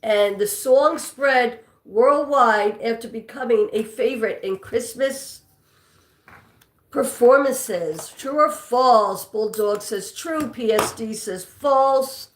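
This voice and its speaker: A woman's voice: a little high, slow pace, slight background noise. A woman with a New York accent hosting a live trivia stream, chatting with viewers and reading their comments aloud. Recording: echoey room.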